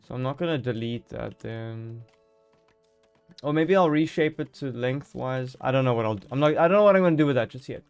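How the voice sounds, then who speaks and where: A man's voice: medium pitch, fairly quick, creaky, darkish tone, clean tone, soft background music. A man streaming a game live, chatting casually and joking as he thinks aloud.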